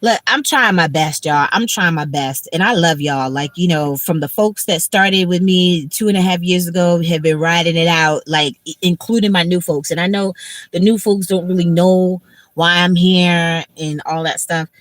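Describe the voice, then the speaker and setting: A woman's voice: on the low side, normal speed, dry recording, rough recording. A woman hosting a casual livestream from her car, venting emotionally and bluntly with lots of filler words and swearing. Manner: emotional, rambling, heavy filler "like"; blunt and profane. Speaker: livestream host. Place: in a moving car.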